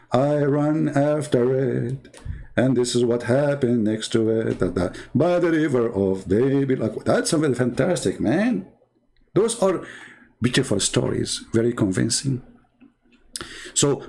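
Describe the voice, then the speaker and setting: A man's voice: mid-range voice, creaky, mellow. A man who is not a native English speaker, hosting a commentary show in a mocking, sarcastic tone and broken English. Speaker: show host.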